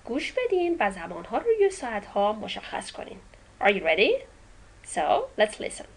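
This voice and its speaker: Husky Persian-accented woman teaching English. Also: wildly swooping pitch, racing, low-quality recording. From Iran. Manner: exaggerates rising and falling pitch in examples. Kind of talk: classroom-style language lesson.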